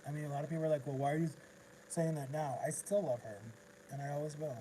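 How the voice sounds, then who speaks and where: A man's voice: on the high side, fairly even intonation, quick pace, dark tone, a little hiss or hum, poor audio. A man vlogging in a casual livestream, rambling through an emotional story with lots of restarts.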